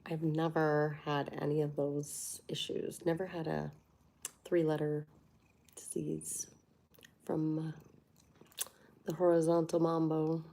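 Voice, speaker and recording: Chatty woman with a gravelly, low voice. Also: little pitch movement, slow, long pauses, mellow. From United States. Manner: chatty, candid, laughs often. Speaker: livestream host. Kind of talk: casual livestream chat.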